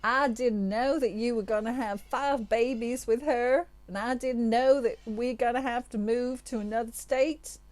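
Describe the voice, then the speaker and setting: A woman putting on a shrill wailing American talk-show guest. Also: fairly even intonation, a little slow, few pauses, a little mellow, natural voice. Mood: wailing, aggrieved. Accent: American (put on). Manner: pleading, overwrought, shrill.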